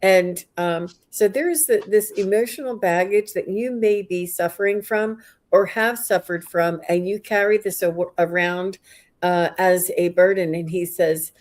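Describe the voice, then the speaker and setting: A woman's voice: on the low side, measured pace, a little mellow. A woman hosting a casual livestream card reading, chatty and gushing, stumbling over names. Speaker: host, psychic card reader.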